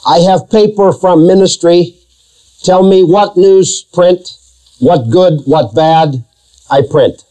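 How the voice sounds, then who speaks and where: A man putting on a halting Russian editor. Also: high voice, warm tone, voice pushed up, rough recording. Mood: bewildered. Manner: halting, clipped broken phrases. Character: Russian immigrant newspaper editor, man, broken English.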